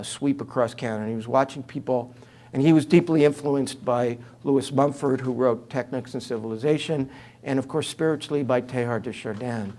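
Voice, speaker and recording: An older man with a New York accent, in his seventies, talks through an interview with an easy, anecdotal humor and plenty of fillers. His voice sits at an ordinary middle pitch. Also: darkish tone. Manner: humorous storyteller, conversational with fillers. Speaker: author and guest speaker.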